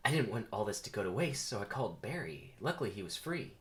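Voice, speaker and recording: A man's voice: lowish voice, very animated, fast talker, fairly bright tone. A man putting on a sweet young florist. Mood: cheerful. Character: friendly young woman florist. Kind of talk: comedic script reading.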